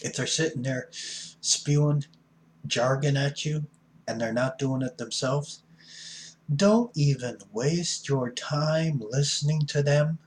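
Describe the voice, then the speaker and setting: Taking it slowly, a middle-aged man in a fairly high voice delivers a preachy, folksy recovery talk as an addiction counselor. He's blunt and hits some words hard and loud, and there's slight background noise.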